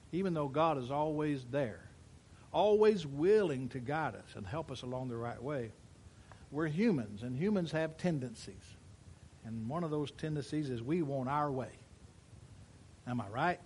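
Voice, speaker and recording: A pastor preaching a sermon, swinging between loud emphatic declarations and quiet asides while addressing his congregation in church. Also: mid-range voice, animated, a little slow, long pauses, a little hiss or hum.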